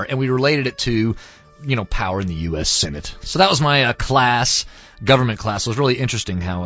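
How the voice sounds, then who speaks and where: A man's voice: medium pitch, expressive, brisk, fairly bright tone. A man, a student, casually retelling a film with lots of fillers, in a dull, lo-fi recording with faint music. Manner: rambling, many fillers.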